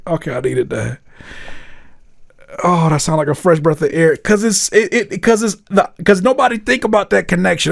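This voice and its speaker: A man hosting a music reaction video, talking casually, laughing often and swearing as he gets excited. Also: high voice, creaky, no echo, clean studio sound.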